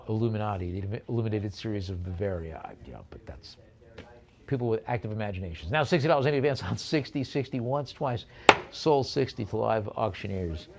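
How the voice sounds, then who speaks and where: Gravelly-voiced male auctioneer calling bids. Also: mid-range voice, darkish tone. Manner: brisk bid calling with chatty asides about lots. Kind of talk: live auction bid calling.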